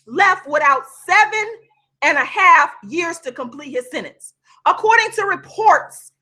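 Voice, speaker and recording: Woman vlogger, high lively voice, fiery commentary, cursing, video call. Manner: heated, swearing, yelling, apologetic asides. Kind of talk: impassioned commentary.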